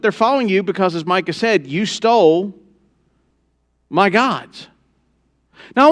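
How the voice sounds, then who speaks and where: A pastor preaching a sermon, joking with the congregation and swinging from low asides to loud, emphatic peaks. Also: male voice. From Texas. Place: church sanctuary.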